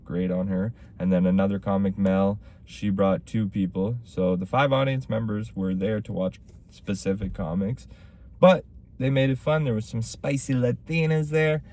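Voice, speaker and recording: A man's voice: lowish voice, moderate pace, a little mellow. A young man hosting a casual solo podcast, rambling through stories about his stand-up shows and acting out what people said. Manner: rambling storytelling with acted-out quotes. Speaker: podcast host; stand-up comic.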